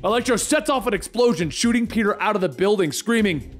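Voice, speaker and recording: A man narrating a comic book story in brisk recap style. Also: sits high, lively intonation, faint music behind.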